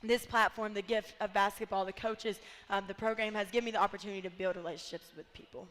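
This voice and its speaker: A woman's voice: mid-range voice, steady tone, quick pace, fairly bright tone, big-room sound. A young woman basketball player speaking heartfeltly in a casual radio interview, close to tears at times. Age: young adult. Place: bar and grill.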